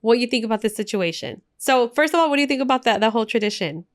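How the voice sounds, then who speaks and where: A woman's voice: on the high side, animated, rapid-fire. A woman co-hosting a podcast, telling stories in a chatty, emotional way and slipping in Spanish phrases. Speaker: podcast co-host. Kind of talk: casual podcast chat.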